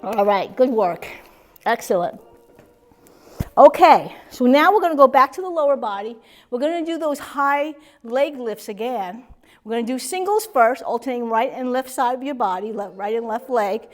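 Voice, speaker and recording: Upbeat high-voiced woman fitness instructor. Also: lively intonation, normal speed. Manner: upbeat, encouraging, with cheering whoops. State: slightly out of breath. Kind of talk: guided chair exercise class. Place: senior center hall.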